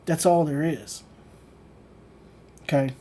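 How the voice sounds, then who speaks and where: A host ranting casually on a livestream, with a soft, mellow, unpolished sound. The delivery is blunt and profane, padded with "like" and "you know," and the speaker keeps hammering the same point. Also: medium pitch, steady tone, slow pace. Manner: loose and conversational, full of "like" fillers; laughs between points. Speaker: channel host teaching manifestation.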